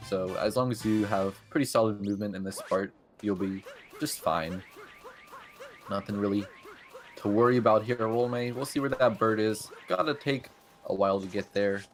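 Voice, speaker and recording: This man calls a speedrun race with a relaxed, conversational flow. His voice sits a little low, and faint music plays underneath. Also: normal speed. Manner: casual, chatty, thinks aloud with fillers. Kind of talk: live game commentary.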